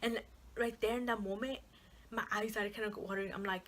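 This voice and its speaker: A woman's voice: mid-range voice, fairly even intonation, fairly quick, fairly bright tone. A young woman talking casually to camera as a vlogger, rambling with lots of fillers and the odd swear word.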